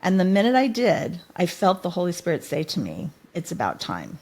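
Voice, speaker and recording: A middle-aged woman talks as a podcast guest with earnest, heartfelt storytelling. Her voice sits a bit low for a woman. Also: animated, fairly quick, a little mellow. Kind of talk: podcast interview.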